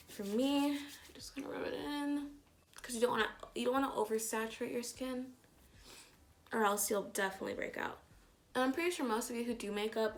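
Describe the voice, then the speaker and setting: A woman's voice: on the high side, gravelly. A young woman vlogger chatting casually through her morning makeup routine, her voice groggy from just waking up. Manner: chatty, rambling, relaxed. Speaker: beauty vlogger. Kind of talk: casual get-ready-with-me chat.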